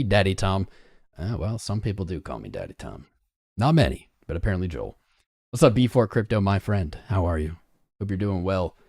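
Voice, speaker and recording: Low-voiced man hosting a trading livestream. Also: a little mellow. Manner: loose, chatty, greets viewers by name. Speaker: crypto trading livestream host. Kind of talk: casual live-stream chat.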